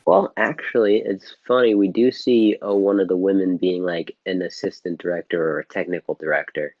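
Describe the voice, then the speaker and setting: A man's voice: low-pitched, steady tone, normal speed, dry recording, dull audio. A man co-hosting a podcast, rambling casually through a movie plot and swearing freely. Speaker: podcast co-host. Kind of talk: casual film-review chat.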